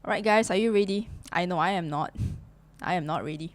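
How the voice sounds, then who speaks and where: A woman youtuber reacting live to a game trailer, excitable and gushing, with gasps and exclamations. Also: on the low side, a little fast, slight background noise.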